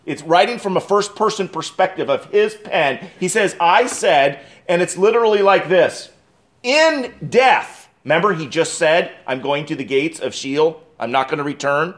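A man delivering an expository sermon as pastor, preaching emphatically with dramatic pauses and restarts. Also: on the high side, a bit bright.

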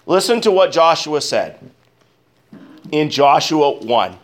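A pastor preaching a sermon, emphatic, rising on key words and dropping low, asking the congregation questions. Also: male voice, sing-song, slow pace. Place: church.

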